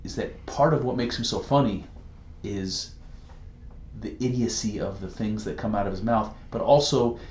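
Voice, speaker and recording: A man co-hosting a casual podcast chat, rambling and animated, laughing easily as he tells stories. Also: fairly low pitch, moderate pace, reverberant, slight background noise. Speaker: podcast co-host.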